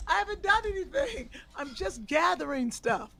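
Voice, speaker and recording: A brash woman with a gravelly, rough-edged voice, cohosting a comedy chat. She tells stories playfully and loudly, with plenty of laughter. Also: very high voice, big pitch swings, normal speed. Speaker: co-host.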